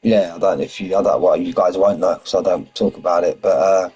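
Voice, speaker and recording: A man's voice: low-pitched, fairly even intonation, brisk, a little mellow, breathy edge, low-quality recording. A man with a London accent, chatting casually to viewers on a racing game stream, saying "mate" often and reading out lap times. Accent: London English. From London, England. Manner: chatty, says "mate" constantly, reads out lap times and answers chat. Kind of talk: casual live-stream chat. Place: home in Spain.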